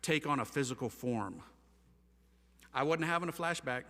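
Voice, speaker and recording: A man giving an impassioned, slangy testimony to a live audience, his storytelling swinging between loud and hushed. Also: medium pitch, normal speed. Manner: animated, slangy storytelling with wide swings of loudness. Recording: hall reverb.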